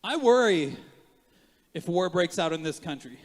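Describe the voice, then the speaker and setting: Male pastor, sermon delivery, raised-pitch voice, big swings in volume, playful self-mocking asides; church hall reverb. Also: moderate pace. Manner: animated preaching, swings from quiet asides to loud emphatic rises. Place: church sanctuary.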